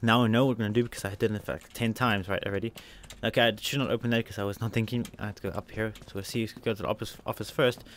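A man's voice: on the low side, fairly even intonation, rapid-fire, few pauses, a bit bright. A man commentating a video game as he plays, narrating every move, spelling out letters and repeating himself. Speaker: let's play gamer.

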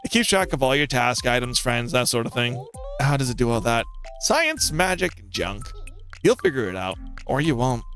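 A man's voice: mid-range voice, big pitch swings, moderate pace, a bit bright, soft background music. A man voicing a distracted male researcher while reading game dialogue aloud, in a dry, offhand manner.

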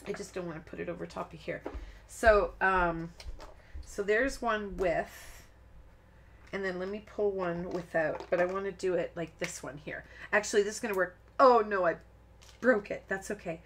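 A woman in the middle of a live crafting demonstration talks through each step in a loose, chatty way. She starts sentences, abandons them and starts again, and chuckles at her own mistakes. Her voice sits at an ordinary pitch for a woman, under a faint layer of background noise. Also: normal speed. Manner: chatty, rambling, self-interrupting, laughs at herself. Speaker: crafting tutorial host.

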